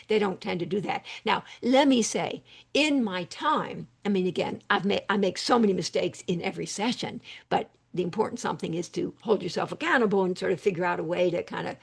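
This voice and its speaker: An older woman psychiatrist talking in an animated, emphatic way over a video call interview, with quick asides. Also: mid-range voice, creaky, slightly rough.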